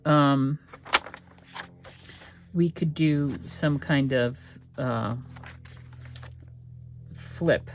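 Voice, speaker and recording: A woman's voice: a bass voice, very slow, pauses often, slight background noise. A woman hosting a craft video, thinking aloud and talking to herself as she glues and assembles a collage. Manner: thinking aloud, self-talk while working. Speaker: craft channel host. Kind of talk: casual crafting talk-through.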